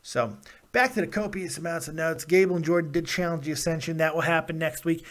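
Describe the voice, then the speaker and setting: A man hosting a live wrestling review stream, talking in an excitable, rambling way and laughing often. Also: a little high, fairly quick. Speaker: host of a wrestling review show.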